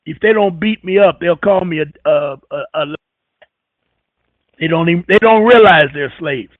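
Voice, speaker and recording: A man hosting a radio talk show, rambling and halting as he repeats words while searching for them. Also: on the high side, dry recording. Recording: tinny phone-like radio audio.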